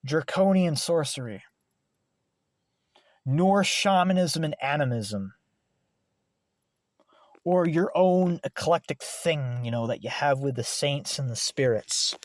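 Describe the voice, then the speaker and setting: An American man giving an impassioned, profane political rant on his channel, swinging between loud outbursts and low muttering. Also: expressive, slow, pauses often. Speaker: channel host.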